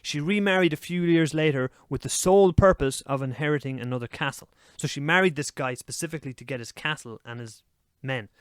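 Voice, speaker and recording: A man's voice: on the high side, a little fast, hardly any pauses, clear, resonant tone, no room sound. An Irish man co-hosting a podcast, telling history stories in casual, swearing chat. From Ireland. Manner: swearing, animated storytelling with laughs. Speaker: podcast co-host.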